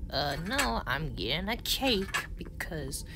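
A woman commentating a video game in a chatty, rambling, easily excited way. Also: sits low, slow pace, creaky, very noisy. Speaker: gamer. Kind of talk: let's play commentary. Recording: loud game music behind.

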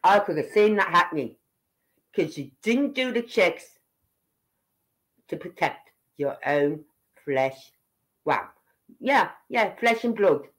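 A woman's voice: lowish voice, lively intonation, takes it slowly, long pauses, low-quality recording. A woman giving angry, blunt reaction commentary, heated and swearing as she talks to the people on screen. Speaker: online commentator.

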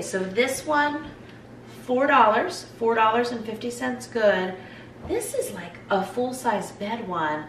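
Brief: woman in her forties, enthusiastic haul vlogger, gravelly tone, recorded at a distance in an echoey room. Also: mid-range voice, slight background noise. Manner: gushing, enthusiastic, rambling asides. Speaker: mom vlogger showing a thrift haul. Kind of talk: chatty haul vlog. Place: at home, in a sitting area. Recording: roomy echo, voice heard from a distance.

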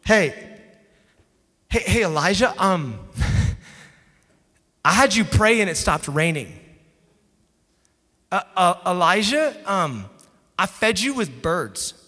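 A pastor playing God as an exasperated, casual figure who runs through a list of past favors in disbelief. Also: male voice, high-pitched, big pitch swings, slow, long pauses, sharp tone, voice pushed up, full character voice. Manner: incredulous, listing past favors. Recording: echoey hall.

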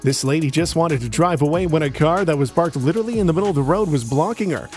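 A man's voice: fairly high pitch, animated, fast, darkish tone, soft background music. A man narrating a compilation with scripted, mocking commentary.

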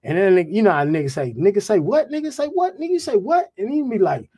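A man, a guest rapper, telling a profane, animated anecdote in casual talk. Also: sits high, fast talker, husky. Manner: profane, animated, repeats "you know what I'm saying".

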